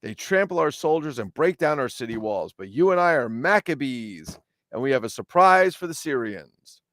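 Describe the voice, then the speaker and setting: A man voicing a proud male army commander who is recruiting children, reading a storybook card aloud in a slow, declaiming tone. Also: medium pitch, sing-song, a bit bright, no echo, clean studio sound, voice pushed up. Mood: rallying.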